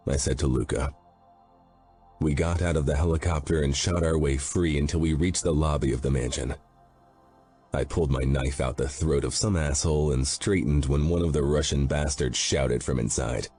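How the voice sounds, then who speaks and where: A man's voice: rumbling low, fairly even intonation, normal speed, warm tone, slightly rough, soft background music. A man narrating a first-person audiobook in a grim, intense manner.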